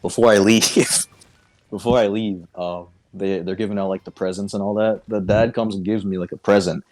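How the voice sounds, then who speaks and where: A man with a very low voice rambles through a long, loose anecdote on a podcast. He swears freely and keeps breaking into laughter as he tells it, with faint music just audible behind him. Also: steady tone, normal speed, a little mellow. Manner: profane, laughing through his story. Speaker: podcast co-host. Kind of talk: casual storytelling chat.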